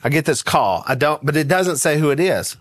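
A man telling a lively anecdote in casual talk, often laughing and acting out what others said. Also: a little high, a little fast, dry recording. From American South. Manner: animated, laughs through his story, acts out quotes. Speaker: guest storyteller.

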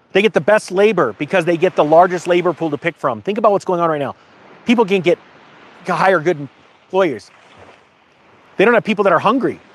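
A middle-aged man hosting his own channel, talking casually and emphatically, rambling and getting emotional. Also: sits high. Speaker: channel host. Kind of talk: casual to-camera talk.

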